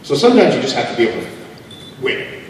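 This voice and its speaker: A man speaking as a guest on a convention panel, answering audience questions in an animated, joking way. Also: medium pitch. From Canada. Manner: animated, joking, quick asides. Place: large convention hall. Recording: echoey hall from far off with ambient noise.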